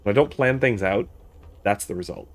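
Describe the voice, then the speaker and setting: A man's voice: fairly low pitch, expressive, normal speed. A man hosting a live game-play stream, chatting and thinking aloud in a self-deprecating way. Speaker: host. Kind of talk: casual game-play commentary.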